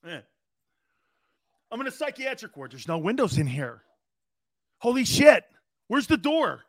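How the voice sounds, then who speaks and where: A middle-aged man hosting a sports talk radio show, loud and joking, laughing often as he rambles. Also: sits high, no echo, studio quality.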